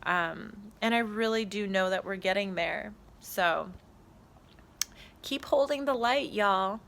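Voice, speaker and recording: A woman's voice: on the low side, gravelly, sharp tone. A woman recording a casual spiritual vlog on her phone out on a trail, speaking in an earnest, heartfelt way. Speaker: spiritual channeler. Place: outdoors on a trail.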